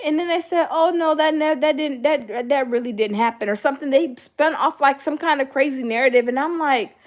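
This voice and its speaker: Chatting casually with her live audience, a middle-aged host uses a high voice at normal speed and barely pauses. Her delivery is animated, full of fillers, and she mimics other people's voices.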